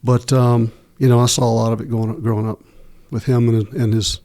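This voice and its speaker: A middle-aged man, a podcast guest telling long stories slowly, with many fillers and restarts. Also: medium pitch, flat delivery, warm tone. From United States. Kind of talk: long-form interview storytelling.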